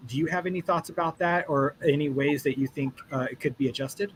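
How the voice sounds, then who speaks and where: A man hosting a podcast, asking his guest questions in a relaxed, casual way. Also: on the high side, fairly quick, slightly rough, rough recording. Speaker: podcast host. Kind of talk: casual interview.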